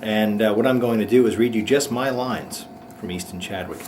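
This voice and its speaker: A man hosting his own comedy show, ranting sarcastically with quick mocking asides. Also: lowish voice, background noise. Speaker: host. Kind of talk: sarcastic comic monologue.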